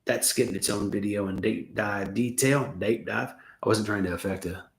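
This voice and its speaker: A rambling American man with a faint Southern accent under a Los Angeles one, talking casually on a livestream. His voice sits low and gravelly, worn from a lot of talking, and he keeps slipping in self-deprecating jokes. He is recorded in an echoey room. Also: steady tone, moderate pace. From United States. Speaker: channel host answering viewer questions. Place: his home.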